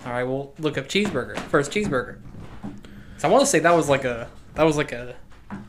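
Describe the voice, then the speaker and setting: Rambly guy, kinda high voice, swears a lot, casual chat. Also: lively intonation, fast, a bit bright, a little hiss or hum. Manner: rambling, loose, lots of filler and profanity.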